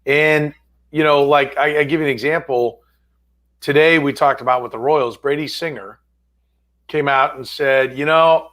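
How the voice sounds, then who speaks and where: A man's voice: a little high, steady tone, normal speed, fairly bright tone. A man co-hosting a late-night sports podcast, talking in a sarcastic, profane way. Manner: sarcastic, profane, mock-quoting players. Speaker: podcast co-host.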